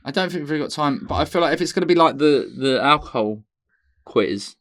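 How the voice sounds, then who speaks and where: A man's voice: on the high side, lively intonation, fast, a bit bright, dry recording. A man co-hosting a casual comedy podcast, telling anecdotes with bursts of laughter. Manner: chatty storyteller, bursts of laughter. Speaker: podcast co-host.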